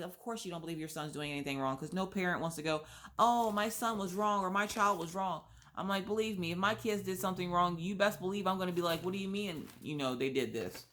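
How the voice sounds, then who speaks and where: A young adult woman telling a story in a casual chat while crocheting, blunt and sassy, acting out quotes with big pitch swings. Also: fairly bright tone. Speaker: vlogger.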